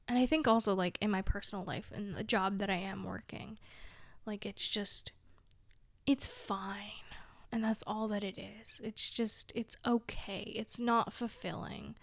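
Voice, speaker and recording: With vocal fry, a medium pitch and a steady, measured delivery, a young woman vlogs candidly in a recording with no room sound. She rambles, says "like" a lot, trails off and pokes fun at herself in this casual confessional chat.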